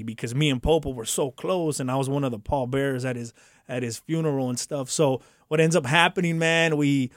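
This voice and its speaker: A man's voice: mid-range voice, fairly quick, no echo, studio quality. A man casually telling his life story, acting out the voices of the people in it and laughing often. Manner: animated, acts out voices in quotes, laughs often. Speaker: guest telling his testimony.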